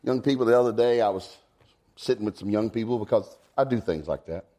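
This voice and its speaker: A man, preaching a folksy sermon. He swings from low asides to high, emphatic exclamations. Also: brisk, warm tone. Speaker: pastor.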